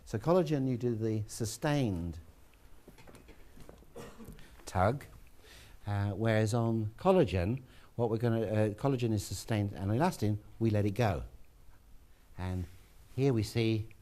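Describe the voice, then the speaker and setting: A man giving a relaxed, chatty classroom lecture, with asides to students. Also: lowish voice, measured pace, pauses often.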